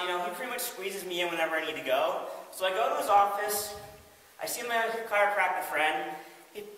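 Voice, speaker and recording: Man, bright high voice, animated storyteller, echoey distant recording with hiss. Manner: animated, laughing storyteller with exasperated asides. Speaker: ministry speaker. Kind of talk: storytelling devotional talk.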